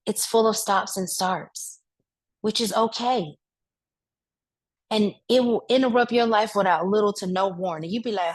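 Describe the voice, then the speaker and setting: A woman giving a conversational, preacher-like talk on grief, speaking straight to the crowd in relaxed, colloquial speech. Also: on the low side, normal speed. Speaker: speaker at a wellness event.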